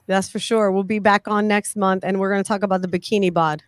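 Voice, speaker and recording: Chatty woman host, mid-pitch, dry close sound. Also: steady tone, fast, smooth, dry recording. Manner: upbeat, chatty, joking. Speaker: radio show host. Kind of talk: casual chat.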